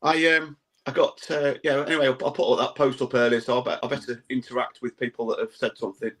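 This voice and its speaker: A man hosting a casual football podcast, reading out listener comments with dry, relaxed asides. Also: mid-range voice, fast. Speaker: podcast host.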